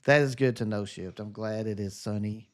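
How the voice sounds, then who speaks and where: A man's voice: fairly low pitch, steady tone, moderate pace. A man with a Southern US accent, a gaming streamer in casual, upbeat chat, answering viewer comments in a sunny, relaxing voice.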